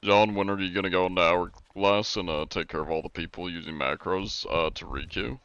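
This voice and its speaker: A man streaming a game live, chatting in a relaxed, rambling way and swearing casually. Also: sits low, fairly quick, clear, resonant tone, no room sound, lo-fi sound. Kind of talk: casual live-stream chat while gaming.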